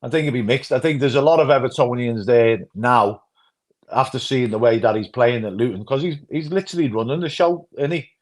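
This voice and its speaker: A man's voice: mid-range voice, fairly quick. A man co-hosting a fan channel's football chat, rambling and often asking "you know what I mean".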